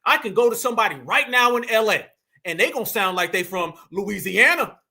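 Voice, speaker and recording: Man, emphatic commentary rant, bright forceful tone, repeats points. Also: high voice, a little fast. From New York. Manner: emphatic, preachy, animated, addresses audience as fam. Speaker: political commentary host. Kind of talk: fiery monologue to viewers.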